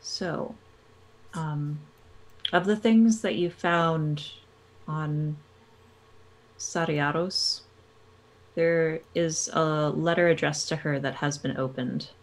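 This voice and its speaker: Woman game master, low voice, relaxed tabletop narration, easy pauses. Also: rough recording. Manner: relaxed, with frequent ums and laughs.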